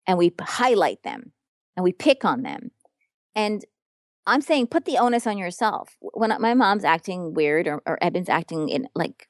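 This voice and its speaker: A woman's voice: lowish voice, no room sound, studio quality. A woman relationship coach talking in an earnest, frank and emphatic way during a podcast interview.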